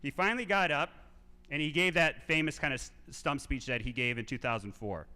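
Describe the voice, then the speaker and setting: A man in his thirties telling animated stories to a live audience from a theater stage, acting out voices. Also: a little high, a little fast. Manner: animated anecdotes, acts out quoted voices. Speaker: speaker at a civic event. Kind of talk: storytelling talk to a live audience. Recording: reverberant theater sound.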